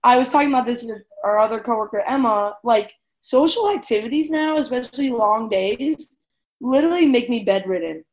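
A woman's voice: fairly high pitch, a little fast, darkish tone. A woman in her twenties co-hosting a podcast, chatting casually in a bubbly, giggly way, full of "like.". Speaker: podcast co-host. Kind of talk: casual chat.

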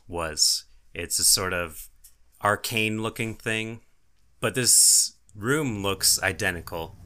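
A man's voice: low voice, sharp tone. A man narrating as game master of a tabletop role-playing game, playful and often laughing. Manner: laughing, playful narration with put-on character voices.

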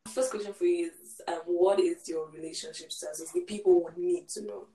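A woman's voice: fairly low pitch, fairly even intonation, a little fast, dark tone, recorded from a distance. A young woman co-hosting a podcast, teasing and bossing her friend in a joking way. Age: young adult. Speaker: podcast co-host. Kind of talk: casual chat. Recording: echoey room, away from the mic.

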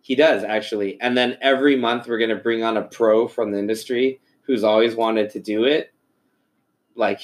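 A man's voice: fairly low pitch, moderate pace. A man chatting casually on a podcast, telling stories and acting out friends' lines, swearing freely. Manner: profane, animated storytelling with quoted voices. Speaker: podcast host. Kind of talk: casual chat.

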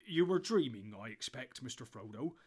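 A man's voice: mid-range voice, animated, moderate pace, husky. A man voicing a loyal, plain-spoken male hobbit servant with a rustic, blunt manner. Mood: determined.

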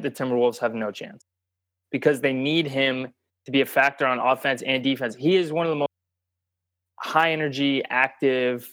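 A man's voice: mid-range voice, fairly bright tone, no room sound. A man co-hosting a sports podcast, talking bluntly and emphatically in casual chat, swearing freely. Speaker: podcast co-host.

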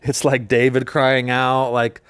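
A man's voice: mid-range voice, completely flat delivery, unhurried, fairly bright tone, clean tone, no room sound, clean studio sound. A man hosting a Christian teaching podcast, talking in an earnest, emphatic preaching manner. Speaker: podcast host.

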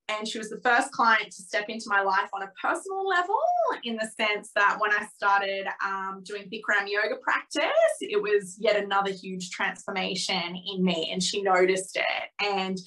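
A woman in her thirties, a podcast guest telling a personal story candidly and with feeling, acting out the dialogue in lively voices. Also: medium pitch, low-quality recording. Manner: candid, emotional, swears freely.

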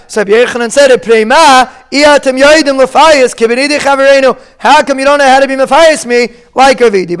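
A man giving a daily Talmud lesson, reading the text and explaining it in a casual, animated way with rhetorical questions. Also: very high voice, smooth. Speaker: Talmud teacher.

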